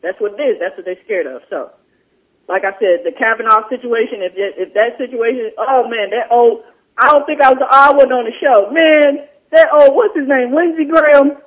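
A man co-hosting a radio show in casual talk, animated and rambling, with a husky voice. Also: very high-pitched, moderate pace, highs cut off.

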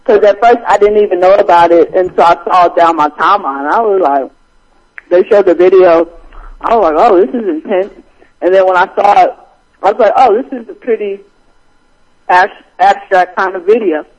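A man hosting a casual podcast chat, animated and quick to laugh. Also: high voice. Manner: animated, laughs often while retelling jokes. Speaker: podcast host. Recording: dull lo-fi recording.

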